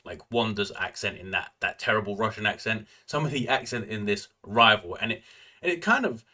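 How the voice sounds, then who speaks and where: A man's voice: on the low side, animated, a little fast, sharp tone. A man giving a casual, opinionated movie review, ranting, with constant fillers and slangy asides. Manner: ranting, filler-heavy, frequent "like" and "bro".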